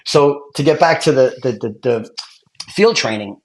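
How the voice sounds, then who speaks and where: A man, a retired fire lieutenant telling stories in casual chat, animated and swearing freely. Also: mid-range voice, normal speed. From Brooklyn, New York. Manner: animated, swearing, acts out quotes.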